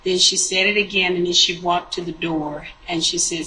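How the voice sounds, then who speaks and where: A woman's voice: fairly low pitch, normal speed, hardly any pauses, pushed and bright, slight background noise, rough recording. A woman who works a hotel front desk, recalling events in an interview in a hesitant way with many fillers.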